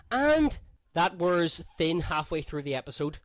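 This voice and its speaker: A man's voice: a little high, very animated, measured pace, dry recording. A young Northern Irish man co-hosting a podcast in casual, teasing banter, laughing often. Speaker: podcast co-host.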